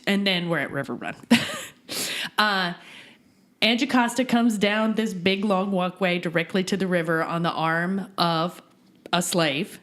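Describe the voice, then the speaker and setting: A woman co-hosting a casual podcast, chatty and quick to laugh as she recaps the plot. Her voice sits a bit low for a woman. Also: fairly bright tone. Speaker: podcast co-host.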